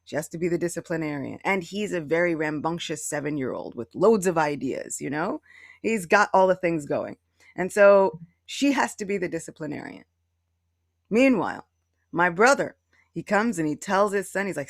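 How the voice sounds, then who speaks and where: A woman's voice: fairly low pitch, lively intonation, brisk, dry recording, studio quality. A woman leading a devotional class over a video call, telling stories and acting out quotes as she explains. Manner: storytelling, with acted-out quotes.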